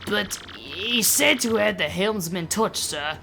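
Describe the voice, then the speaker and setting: A woman voicing a rough-talking male sailor with a put-on Australian accent, over game music. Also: mid-range voice, animated, takes it slowly, pushed and bright, exaggerated voice. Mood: eager.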